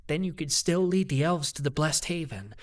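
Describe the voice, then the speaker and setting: A man voicing a wise male animal familiar in an audiobook, speaking in a measured, earnest way. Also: a little high, expressive, far from the mic, voice pushed up, natural voice.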